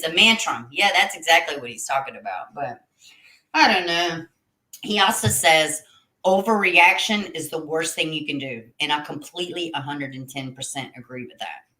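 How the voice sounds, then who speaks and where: A woman's voice: deep voice, sharp tone, reverberant. A woman hosting a casual livestream, chatting with viewers, reading their comments aloud and laughing often. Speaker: livestream host reading chat.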